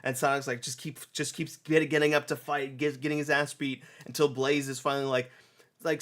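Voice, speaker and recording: A young man hosting a casual review chat, retelling a game's story with lively acted-out snatches of dialogue. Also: mid-range voice. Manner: animated, acts out characters in quick snatches, many restarts. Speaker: game reviewer. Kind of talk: casual podcast chat, retelling a game plot.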